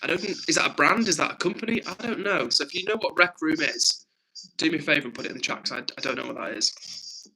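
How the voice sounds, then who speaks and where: Quick-paced and slightly high, with a pushed, bright voice and a breathy edge, a young man from England hosts a livestream on a rough recording. He reads chat messages aloud and answers viewers in a chatty, friendly way, a frog in his throat.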